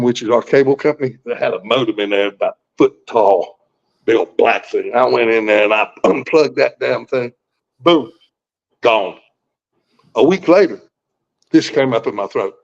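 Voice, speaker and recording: A man's voice: medium pitch, creaky. A man in his sixties telling a personal story in a folksy, blunt way, swearing freely and often restarting his sentences. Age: 60s. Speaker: guest. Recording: muffled lo-fi recording.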